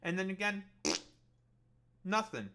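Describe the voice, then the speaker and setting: A man on a live stream, swearing constantly and mocking the people in his chat. His voice sits high for a man and has a bright, cutting edge. He talks straight into a desk mic. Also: lively intonation, takes it slowly, smooth. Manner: profane, combative, mocking. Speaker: political streamer. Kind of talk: livestream argument with chat.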